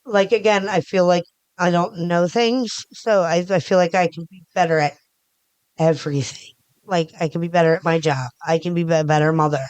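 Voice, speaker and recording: A middle-aged woman from the Philadelphia area is a podcast guest, chatting casually and rambling with many restarts as she talks with her hands. Her voice is on the low side, smooth and darkish, with fairly even intonation at a moderate pace. The recording is dry.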